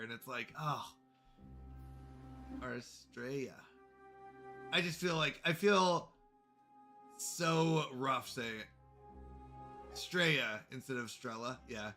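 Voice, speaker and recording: A man's voice: a little high, pushed and bright. A man streaming a game, chatting in a friendly, casual way with his viewers. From Canada. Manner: chatty, friendly, talks to chat. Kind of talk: casual chat while playing a game.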